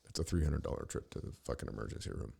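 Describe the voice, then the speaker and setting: A man's voice: rapid-fire, dark tone. A middle-aged man hosting a podcast, ranting in a rambling, profane, sarcastic monologue full of restarts. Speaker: podcast host.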